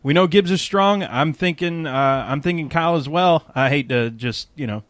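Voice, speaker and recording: A man's voice: normal speed, fairly bright tone, dry recording. Jokey, laughing podcast host man. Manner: jokey, laughs often, pitch jumps around. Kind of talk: casual podcast chat.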